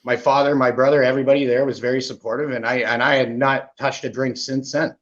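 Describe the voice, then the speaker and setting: A man's voice: medium pitch, quick pace. Canadian man telling his story, muffled. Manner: animated, with frequent "right?" asides. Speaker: podcast guest. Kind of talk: candid storytelling. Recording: muffled lo-fi audio.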